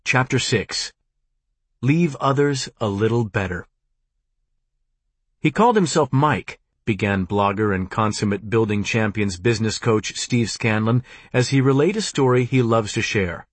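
A man reading a nonfiction audiobook in a measured, deliberate narration. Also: fairly low pitch, no room sound.

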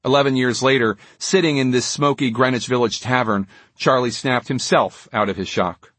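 A man narrating an audiobook in a measured, steady storytelling manner. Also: mid-range voice, no room sound. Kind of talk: scripted narration.

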